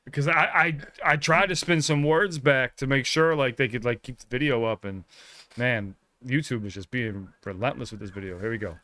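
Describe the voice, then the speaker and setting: A man hosting a reaction video, telling a story in an excitable, casual way with swearing. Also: medium pitch, normal speed, no echo. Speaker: reaction channel host.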